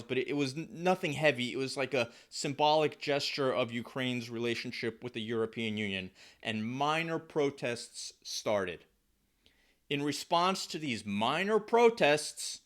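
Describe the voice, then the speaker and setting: An American political commentary vlogger talks loosely to camera in a mid-range, slightly bright voice. He's conversational, full of fillers and restarts, and he repeats things for emphasis.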